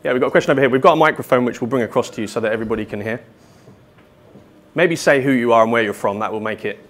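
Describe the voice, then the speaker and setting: A man's voice: medium pitch, very fast, a bit bright. A man with a mid-range voice hosts a panel in a large hall at a business event. He takes questions from the room and from online in an upbeat, casual way, with plenty of fillers. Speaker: event host and moderator. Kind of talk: moderating a panel Q&A.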